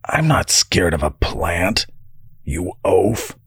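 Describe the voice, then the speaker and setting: A man voicing a wary, irritable young man who talks low and hushed in an audiobook. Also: very animated, slow, breathy edge, dry recording, clean studio sound, full character voice. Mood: irritated. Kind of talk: audiobook character voice.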